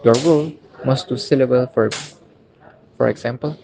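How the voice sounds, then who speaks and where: A young man with an Indonesian accent, a student giving a recorded class presentation and reading slowly and carefully with pauses between phrases. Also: mid-range voice, vocal fry, a little mellow, low-quality recording. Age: young adult.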